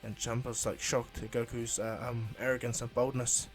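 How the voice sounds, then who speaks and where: A male storyteller with a middling pitch and little pitch movement rambles through an improvised fan retelling. He pauses on fillers and restarts, with faint music beneath him.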